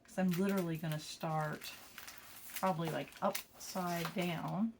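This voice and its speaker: A woman chats through a home craft tutorial in a low-pitched, easygoing voice. She sounds a little tired and talks folksily to her viewers. Crinkling plastic and small clicks are clearly heard behind her. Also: steady tone, unhurried, background noise. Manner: chatty, folksy, addresses viewers as y'all. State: tired, yawning. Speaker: craft vlogger. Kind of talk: casual craft tutorial chat.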